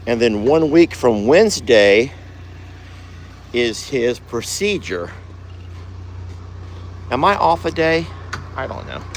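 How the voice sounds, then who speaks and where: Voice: medium pitch, sing-song, slow, pauses often, slight background noise. A vlogger chatting casually while doing ranch chores and cooing fondly at the animals. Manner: chatty, coos affectionately at animals. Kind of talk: casual vlog chat. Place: outdoors on a ranch.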